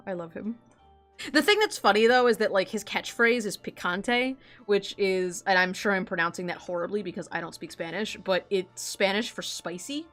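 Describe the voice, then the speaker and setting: A woman's voice: mid-range voice, sharp tone. Giggly rambling woman, casual chat. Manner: rambling, giggly, heavy on "like" fillers. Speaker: artist chatting while drawing.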